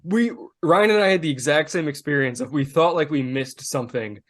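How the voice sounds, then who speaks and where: A man co-hosting a podcast in relaxed casual chat, laughing as he retells scenes. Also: a little high, a little fast. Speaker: podcast co-host.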